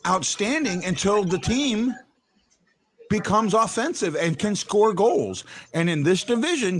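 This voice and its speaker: A man's voice: sits high, lively intonation, unhurried, a bit bright. A man hosting a casual postgame sports talk show, often restarting his sentences and stressing his points hard. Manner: stammering restarts, emphatic when arguing a point.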